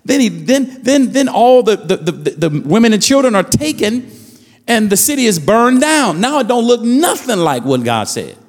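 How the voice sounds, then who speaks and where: A man serving as pastor preaches a fervent sermon, repeating phrases and building toward rising calls to the congregation. His high voice swings widely in pitch at a normal pace. He sounds like he's in a large hall.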